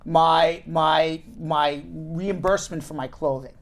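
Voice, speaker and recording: A man hosting a talk show, telling stories in animated, chatty banter from a studio. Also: fairly high pitch, slow pace.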